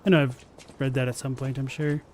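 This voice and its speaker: A young man chatting deadpan and rambling while he plays a game live on stream. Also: medium pitch, brisk, noisy background. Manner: rambling, filler-heavy. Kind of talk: casual live-stream chat while gaming. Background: faint game music.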